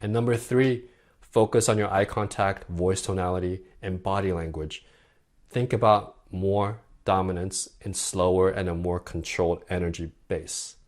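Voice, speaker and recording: A young man giving dating advice straight to camera, talking in a casual, animated way and sometimes acting out tones of voice. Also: moderate pace. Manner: animated, demonstrates voice tones with bright high-pitched impressions. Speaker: dating coach. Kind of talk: direct-to-camera coaching talk.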